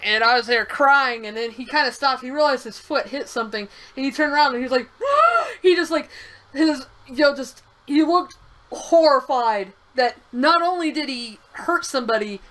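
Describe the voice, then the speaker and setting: A woman's voice: sits high, moderate pace, fairly bright tone, low-quality recording. A young woman co-hosting a game stream, telling a rambling story with restarts and the odd swear. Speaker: streamer co-host. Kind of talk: casual chat over a game stream.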